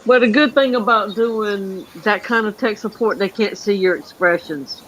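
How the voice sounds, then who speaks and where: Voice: mid-range voice, moderate pace, a bit bright, a little hiss or hum, low-quality recording. A panel guest chiming in with short, friendly comments during a casual chat. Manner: brief, friendly interjections.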